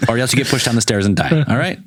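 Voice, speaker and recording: A man's voice: medium pitch, rapid-fire, no echo. A man co-hosting a casual podcast chat who asks questions and cracks jokes. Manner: animated, joking. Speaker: podcast co-host.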